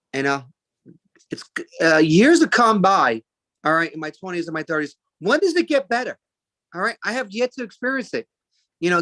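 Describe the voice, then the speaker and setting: A man's voice: on the high side, fairly bright tone, no room sound. A man in his forties doing a stand-up routine, rambling and chatty, with lots of fillers and asides. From Italian-American. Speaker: stand-up comedian.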